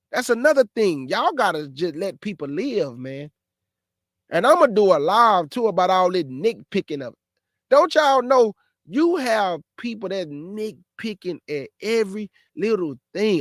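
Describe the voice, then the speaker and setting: High-voiced man preaching on a livestream. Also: no room sound, studio quality. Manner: lively, exasperated, addresses viewers directly. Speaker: host of a live show.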